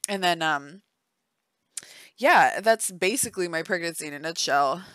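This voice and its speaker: A woman's voice: fairly low pitch, animated, moderate pace, a bit bright, dry recording. A tired young woman chatting casually and giggling in a voice-only vlog. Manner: chatty, giggly, self-deprecating. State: tired, yawning. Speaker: vlogger. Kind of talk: casual chat. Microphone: voice-only home recording.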